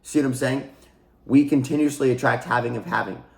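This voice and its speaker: This is a man giving an unscripted spiritual teaching to camera, at a middle pitch. He is earnest and repetitive, restarting his sentences and calling his audience guys. His voice rings in a noticeably echoey room. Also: steady tone, fairly quick, gravelly. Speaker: spiritual coach and channel host. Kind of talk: casual spiritual teaching monologue.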